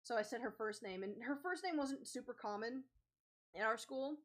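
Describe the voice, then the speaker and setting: Drawing as she talks, this young adult comic artist vlogger tells a casual, rambling story packed with ums and likes. She speaks at a moderate pace in a fairly high voice.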